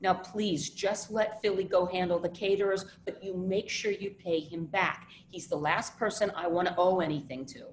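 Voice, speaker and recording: A woman's voice: lowish voice, fairly even intonation, moderate pace, hardly any pauses, natural voice. A woman playing a bossy, tense grieving sister. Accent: New Jersey. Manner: clipped, bossy and exasperated. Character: tense, prim grieving eldest sister, middle-aged. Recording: roomy echo, faint noise.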